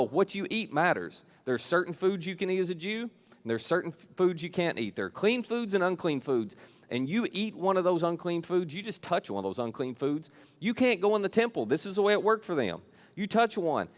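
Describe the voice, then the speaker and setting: A man preaching a sermon as a church pastor, telling the scripture story in a casual, conversational way. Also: fairly high pitch. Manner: storytelling, retells scripture in casual modern paraphrase.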